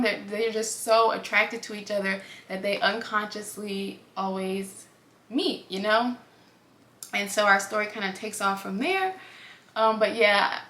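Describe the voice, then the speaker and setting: A woman's voice: on the high side, fairly bright tone. Chatty, effusive woman in a roomy space. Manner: chatty and effusive, addresses viewers as y'all. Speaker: book vlogger. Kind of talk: casual chat to camera. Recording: roomy echo.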